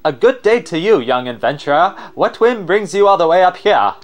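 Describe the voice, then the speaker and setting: A man's voice: high-pitched, expressive, moderate pace, pitched above the performer's own voice. A man voicing a pompous, long-winded male explorer with a posh British accent and a theatrical manner. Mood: grandiose. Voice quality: theatrical, grandiose. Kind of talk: let's play voice-over.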